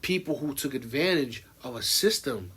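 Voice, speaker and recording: A young American man co-hosts a casual podcast. His voice is husky and mid-pitched, and he talks in a loose, slangy way, full of fillers and false starts. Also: animated, moderate pace, fairly bright tone. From United States. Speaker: podcast co-host.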